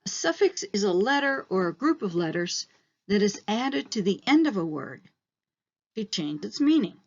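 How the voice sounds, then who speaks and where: A woman teacher, very animated, leads a recorded online lesson, going step by step through each point and slowing on key terms. Her voice sits at a middle pitch, and the audio is slightly dull.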